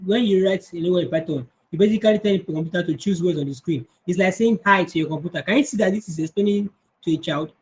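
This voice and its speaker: Over a rough recording, a coding instructor with a high, darkish, slightly strained voice talks fast during an online class Q&A. He fields the kids' questions on the video call in a conversational way, often starting over.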